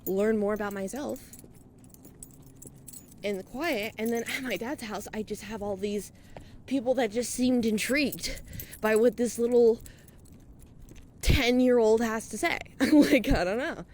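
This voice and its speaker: A woman's voice: on the high side, unhurried, pauses often, darkish tone, slight background noise. A young woman vlogging as she walks outdoors at night, talking in a casual, rambling way, swearing freely and a bit out of breath. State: out of breath from walking. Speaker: vlogger and podcaster. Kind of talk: rambling personal monologue.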